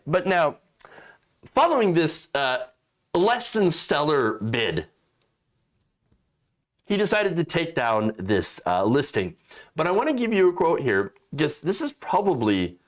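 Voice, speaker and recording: Sarcastic, animated male political commentator. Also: on the high side, slow pace. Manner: sarcastic, mocking, exasperated, swears freely.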